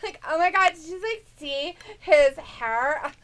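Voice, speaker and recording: A woman putting on a valley-girl voice for a gruff male wrestler, with "like" in every phrase. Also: lively intonation, unhurried, fairly bright tone. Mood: gushing. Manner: fillers of "like" in every phrase, high gushing lilt.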